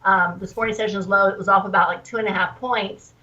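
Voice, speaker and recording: Woman guest phoning in, sounds far off and muffled, talks slow and careful with lots of ums. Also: medium pitch, fairly even intonation, pushed and bright. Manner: measured, thoughtful, with frequent ums. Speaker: guest trader. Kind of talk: phone-in interview. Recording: dull distant phone call.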